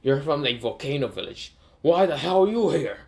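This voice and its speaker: A man's voice: mid-range voice, fairly quick, close to an everyday voice. A man voicing an arrogant, brutal male ninja commander in a taunting, snarling way, his voice pushed far up.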